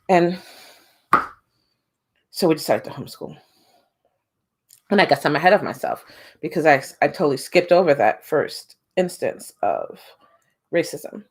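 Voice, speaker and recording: A woman in her forties, a homeschooling mom, telling a personal story to camera in a casual, animated way and acting out what people said. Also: unhurried, long pauses, breathy edge. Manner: animated, acts out quotes with big pitch jumps.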